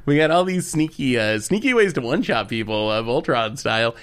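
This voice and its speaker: A man's voice: mid-range voice, lively intonation, a little fast, fairly bright tone, clear, resonant tone. A man co-hosting a casual podcast, easygoing and self-deprecating. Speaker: podcast co-host. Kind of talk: casual chat.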